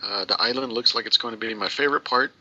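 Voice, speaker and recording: A man's voice: medium pitch, quick pace, pushed and bright. A man co-hosting a gaming podcast, reading listener mail aloud with joking asides. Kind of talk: casual chat. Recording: dull lo-fi audio.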